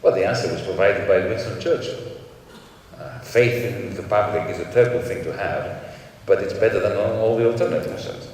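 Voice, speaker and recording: Panel guest from Greece: a deliberate, emphatic man, recorded far off in a reverberant hall. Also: on the low side, a little mellow. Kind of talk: conference panel answers. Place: large conference hall.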